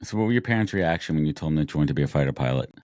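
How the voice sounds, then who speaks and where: A man's voice: a bass voice, animated, very fast, a little mellow, dry recording, studio quality. A man hosting a podcast, asking long rambling questions with restarts. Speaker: podcast host. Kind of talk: casual interview conversation.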